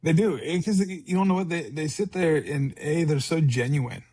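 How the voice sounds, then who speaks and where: A man's voice: on the high side, moderate pace, warm tone, slightly rough, dry recording. A man in his forties, a podcast guest, telling his story in an earnest, conversational way, repeating words and quoting himself aloud. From California.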